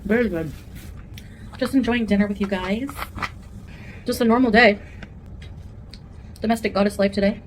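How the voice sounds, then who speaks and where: A woman's voice: mid-range voice, moderate pace, long pauses, a little hiss or hum. A woman vlogger chatting candidly at home while eating, rambling from one thought to the next in a casual mukbang. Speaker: food vlogger.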